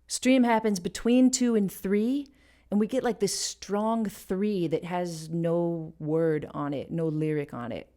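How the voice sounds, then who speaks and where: A woman's voice: fairly low pitch, slow pace, dark tone. A woman hosting a casual music lesson, explaining rhythm and stopping to sing and beatbox short examples. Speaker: music teacher and channel host.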